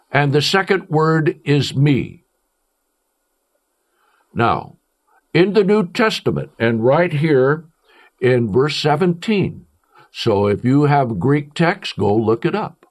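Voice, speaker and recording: A male preacher delivering an emphatic sermon, declaiming with strong swings in pitch and pace. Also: very animated, slow, long pauses.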